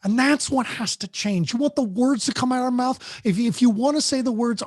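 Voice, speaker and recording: A man's voice: very high-pitched, brisk, darkish tone, no room sound, studio quality. A man who works as a parent coach, talking animatedly as a podcast guest and often restarting his sentences.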